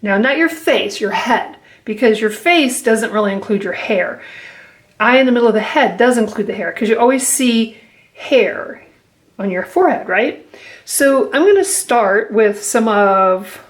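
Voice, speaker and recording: A woman's voice: fairly high pitch, lively intonation, a little slow. A woman teaching a drawing lesson, playful and encouraging, talking to children as she draws and laughing often. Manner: playful, encouraging, talks to kids while drawing; laughs often, acts out growls. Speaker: art teacher.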